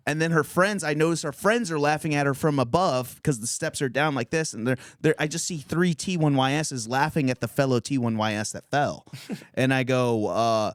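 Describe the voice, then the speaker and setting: A podcast host in his thirties tells a crude, profane comedic story, rambling and laughing through his lines. His medium-pitched, resonant voice is clear at a moderate pace, recorded with clean studio sound and no room echo.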